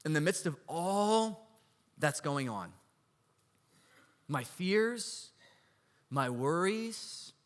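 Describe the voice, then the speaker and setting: A man pastor preaching a sermon in an animated, storytelling way, often asking the congregation rhetorical questions. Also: on the high side, extremely slow, pauses often, smooth. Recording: long hall reverb.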